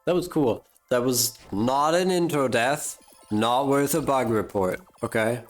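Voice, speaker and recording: Unhurried guy streamer, rambling live chat. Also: medium pitch, faint music behind. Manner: rambling, self-mocking jokes, drawn-out fillers. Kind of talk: casual live-stream chat while gaming.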